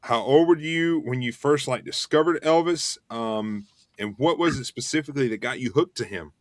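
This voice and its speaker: A man who hosts a casual online show and talks fast and eagerly, with plenty of fillers. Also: medium pitch, no echo, studio quality. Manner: rushed, energetic promo talk with fillers. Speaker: host.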